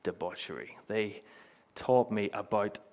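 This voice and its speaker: A man's voice: fairly low pitch, measured pace, darkish tone. A young man preaching a sermon in a church, telling personal stories with earnest, emphatic repetition and light chuckles. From Northern Ireland.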